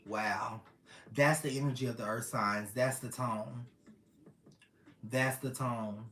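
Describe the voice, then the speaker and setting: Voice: medium pitch, steady tone, slow, fairly bright tone, a little hiss or hum. A tarot reader giving a casual reading to camera, earnest and affectionate, often repeating phrases to the listeners. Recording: roomy echo.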